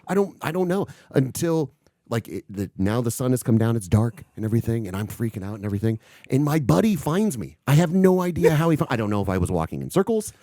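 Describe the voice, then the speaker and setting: A man's voice: medium pitch, animated, fast, few pauses, mellow, no room sound, studio quality. A man co-hosting a podcast, telling a long story in casual chat and swearing freely. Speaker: podcast co-host.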